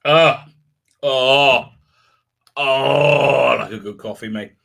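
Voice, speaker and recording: A man's voice: medium pitch, extremely slow, creaky, noisy background. A man hosting a livestream in casual chat, rambling and restarting often, with laughs breaking into his words. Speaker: livestream host.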